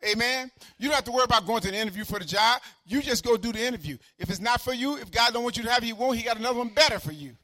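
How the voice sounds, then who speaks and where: Older male pastor, fiery repetitive sermon delivery, high bright voice. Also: racing, few pauses, no echo. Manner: fervent preaching, swings from shouting to quiet asides; repeats phrases for emphasis.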